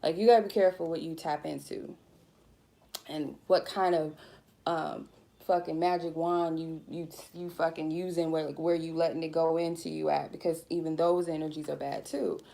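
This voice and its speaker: Mellow, blunt woman tarot reader. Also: low-pitched, little pitch movement, normal speed, vocal fry. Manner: blunt, profane, mellow and chill. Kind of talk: casual spiritual reading monologue.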